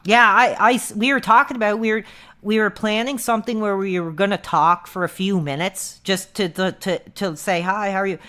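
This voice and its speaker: A man's voice: high-pitched, fairly even intonation, moderate pace, bright, forceful tone. A man chatting casually on a live stream, rambling with lots of fillers and restarts.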